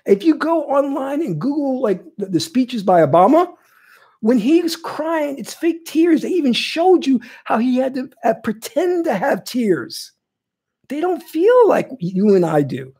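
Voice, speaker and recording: A woman's voice: sits high, dark tone, breathy edge. A woman spiritual coach giving an impassioned monologue, emphatic and repetitive, pleading with her listeners.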